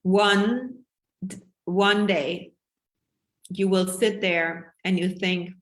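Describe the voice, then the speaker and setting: A woman business coach giving a passionate, emphatic live sales pitch to her online group, swearing freely as she talks. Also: fairly even intonation, drawn-out words.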